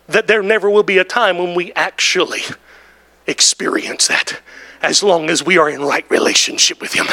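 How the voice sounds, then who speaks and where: A man preaching a sermon in church, building to shouts and drawn-out, emphatic phrases broken by "oh" and "hallelujah". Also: high voice, creaky. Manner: drawn-out emphatic delivery with interjected "oh" and "woo, hallelujah". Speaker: pastor.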